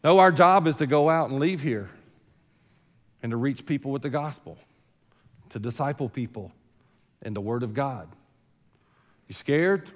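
A man's voice: mid-range voice, unhurried, long pauses, long reverb tail. A man preaching a sermon as senior pastor, in a conversational, folksy way full of rhetorical questions, recorded in a church sanctuary.

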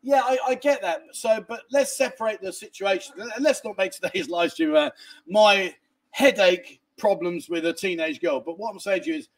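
A high-pitched man with a rough, creaky edge to his voice hosts a laid-back livestream. He reads viewer messages aloud and answers in a rambling, chatty way. He swears casually and often restarts his sentences. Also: moderate pace. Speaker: livestream host reading viewer chat. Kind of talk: casual live chat. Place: a family home in a village, indoors.

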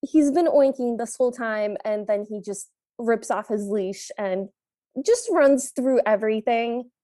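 A woman's voice: a little high, unhurried, mellow, no room sound. A woman co-hosting a podcast, chiming in with easygoing recap chat. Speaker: podcast co-host. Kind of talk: casual movie recap chat.

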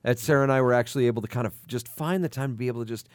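A man's voice: mid-range voice, rapid-fire, no room sound. A young man co-hosting a podcast, chatting casually about a film, telling stories and slipping into sing-song jokes. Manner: joking, tells anecdotes, bursts into sing-song bits. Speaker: podcast co-host.

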